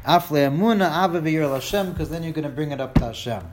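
A man with a fairly high voice leads a class through a Hebrew text, reading each line and then rendering it in English. He builds up the grim scenes with drama and slips in dry jokes. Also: fast talker. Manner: reads Hebrew lines then translates them line by line, dramatic; wry, jokes with listeners. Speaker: Torah teacher.

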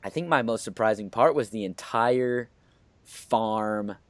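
A man with a lowish voice talks at an unhurried pace, with no echo on the recording. He's hosting a casual movie review, steering the conversation with eager opinions and plenty of "you know"s.

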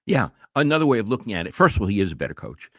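An older man talks sports on a podcast in a lowish, animated voice that rises and falls widely. He is blunt and opinionated, often stumbling and restarting mid-thought. The recording is dry and close. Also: rapid-fire, dry recording. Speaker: co-host, retired sports writer. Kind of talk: casual sports podcast chat.

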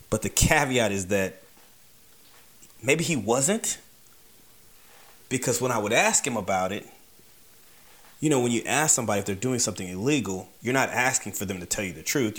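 A man's voice: fairly low pitch, fairly bright tone. A man telling a casual personal anecdote in a conversational, wry way, repeating words for emphasis. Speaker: storyteller.

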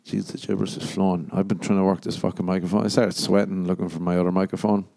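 Irish male podcast host, young adult, low and warm voice, rambling profane monologue. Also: flat delivery, quick pace, gravelly. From Ireland. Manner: profane, jokey, shifts into mock voices.

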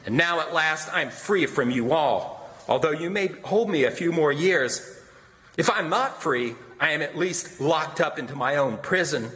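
A man's voice: on the high side, lively intonation, measured pace, fairly bright tone. A man reading as a bitter, defiant young son. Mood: impassioned. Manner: impassioned, bitter oratory. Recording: long hall reverb.

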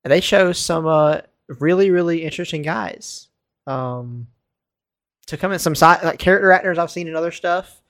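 A man's voice: a little high, moderate pace, a bit bright. A young man from Baltimore co-hosting a podcast, rambling and laughing often in casual chat. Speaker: podcast co-host.

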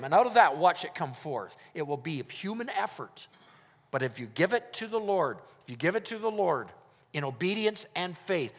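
Emphatic male pastor preaching in a reverberant hall. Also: fairly high pitch. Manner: emphatic preaching that swings between loud and hushed. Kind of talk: sermon. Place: church hall. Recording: long reverb of a church hall.

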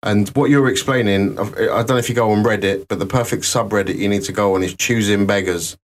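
Brit male co-host, low-pitched, dry humour, steady argumentative chat. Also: quick pace. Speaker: podcast co-host, works in IT. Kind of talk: casual podcast debate.

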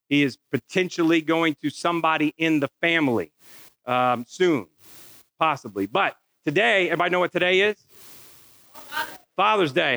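A middle-aged man preaching a sermon built around a personal story. His voice is bright and forceful and sits a little high. He tells it in a folksy, storytelling way, acting out the dialogue himself. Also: dry recording, rough recording. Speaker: pastor.

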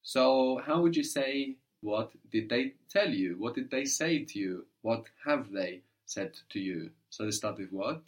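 A man's voice: mid-range voice, expressive, measured pace, few pauses. Patient man teaching a language. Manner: patient, prompting, frequent "no?" checks. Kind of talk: one-on-one German lesson.

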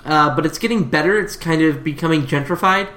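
A woman running a tabletop game for a podcast, explaining the setting in a relaxed, rambling way with many hesitations. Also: low voice, fairly quick, reverberant. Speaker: game master.

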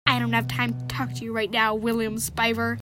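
A woman's voice: on the high side, monotone, brisk, music in the background, lightly acted. A young female reader voicing a blunt, impatient girl. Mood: curt.

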